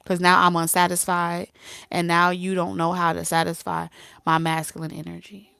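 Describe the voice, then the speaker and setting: A woman's voice: lowish voice, monotone, normal speed, creaky, clear, resonant tone, no echo, clean studio sound. A woman tarot reader talking casually, blunt and streetwise, who laughs often and acts out both sides of a conversation. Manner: laughs often and slips into soft whispers. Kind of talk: casual talk to camera.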